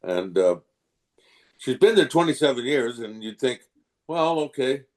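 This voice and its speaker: This guest is an older English voice actor with a mid-range voice and moderate pace, chatting casually in an interview and bringing his stories to life by slipping into character voices.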